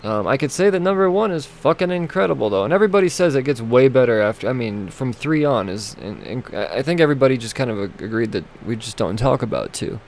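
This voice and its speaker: A man's voice: mid-range voice, animated, fast, creaky, few pauses. Rambling casual man with faint noise. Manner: rambling, swearing, laughs at himself. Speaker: comic book vlogger. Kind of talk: casual chat about upcoming comics.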